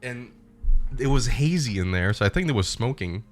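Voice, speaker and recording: Brief: young male streamer, mid-pitched, animated and foul-mouthed, casual storytelling. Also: normal speed, soft background music. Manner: animated, profane, laughing retelling.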